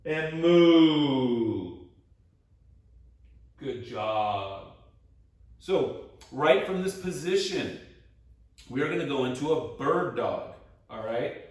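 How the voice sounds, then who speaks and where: A man's voice: medium pitch, lively intonation, slow, pauses often. A man leading a guided floor stretching class, playful and encouraging as he counts breaths and reps. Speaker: exercise instructor. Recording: roomy echo, mic at a distance.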